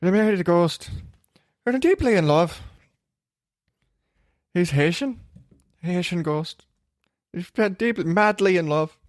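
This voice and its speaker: A man's voice: high-pitched, lively intonation, takes it slowly, pauses often, no room sound, studio quality, pitched above the performer's own voice. A man voicing a ditzy woman who gushes about marrying a ghost, in a mocking put-on voice. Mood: gushing.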